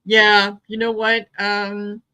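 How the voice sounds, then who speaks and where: A woman who reads tarot joins a relaxed livestream chat. She speaks slowly and without hurry, often repeating words as she finds her thought. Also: medium pitch, clean tone. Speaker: tarot reader guest.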